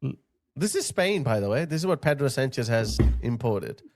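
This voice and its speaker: A man's voice: medium pitch, big pitch swings, normal speed, darkish tone. A man hosting a video, giving indignant reaction commentary on clips, with laughing asides. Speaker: YouTube commentator host.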